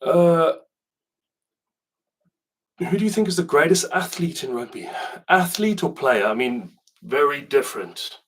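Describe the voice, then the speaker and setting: A man's voice: fairly high pitch, sing-song, a little slow, pauses often, a bit bright, breathy edge, recorded from a distance. A man from South Africa who speaks with a southern English accent, chatting casually as a rugby video host and rambling through viewer questions with asides and restarts. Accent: British, southern English. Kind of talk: casual chat to camera.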